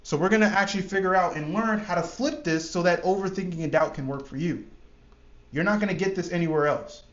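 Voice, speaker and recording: A man's voice: sits high, fairly quick. A man giving an emphatic motivational talk as a trading coach, repeating points and swearing casually. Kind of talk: motivational monologue. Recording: echoey room, slightly dull sound.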